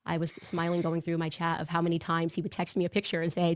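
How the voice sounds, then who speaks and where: Woman, low voice, rapid lively storytelling, dry close sound. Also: no echo. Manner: fast, animated storytelling with acted quotes. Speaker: political commentator. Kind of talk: personal storytelling on a show.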